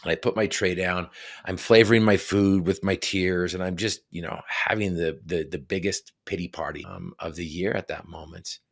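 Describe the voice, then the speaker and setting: A man telling his story as a podcast guest, earnest and motivational, repeating phrases for emphasis. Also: low voice. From Utah. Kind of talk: storytelling in an interview.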